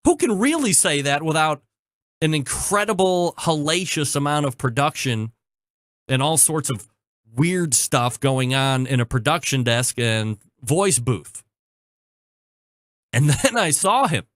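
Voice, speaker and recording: A man hosting his own podcast, telling a story in a chatty, joking way with quick asides, then reading a sponsor spot. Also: fairly high pitch, expressive, dry recording, studio quality. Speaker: podcast host. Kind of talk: casual chat and sponsor read.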